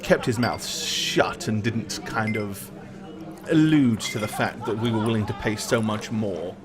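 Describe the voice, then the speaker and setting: A man's voice: lowish voice, unhurried, crowd noise, close to an everyday voice. A man voicing a frugal male servant and former merchant, polite and hesitant. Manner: polite and hesitant, full of ums.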